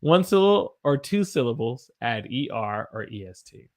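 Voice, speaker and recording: A man's voice: mid-range voice, very animated, normal speed, darkish tone. A man from the United States teaching English on a live stream, tired after a long day and encouraging as he reads out viewer sentences and corrects them.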